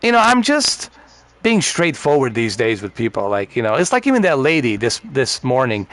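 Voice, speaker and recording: A man's voice: fairly high pitch, sing-song, fairly quick, fairly bright tone, no echo. A man ranting bluntly and profanely in a casual gaming party chat. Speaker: streamer.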